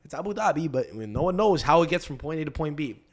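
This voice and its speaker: Rambling, swearing podcast host. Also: male voice, a little high, animated, fast talker, very noisy. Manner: rambling, profane, restarts often. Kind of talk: casual podcast chat.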